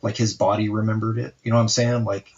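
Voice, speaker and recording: A man in his forties with a gravelly, creaky voice chats casually on his live art stream. He tells his stories animatedly and swears freely. The audio sounds a little dull and lo-fi. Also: on the low side, fast. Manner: profane, animated storyteller. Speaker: comic artist and stream host.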